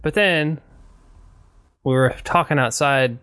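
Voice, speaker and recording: A man's voice: on the high side, takes it slowly, clear, resonant tone. A man in casual chat, telling stories with a lot of laughter. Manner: animated storytelling, laughs often.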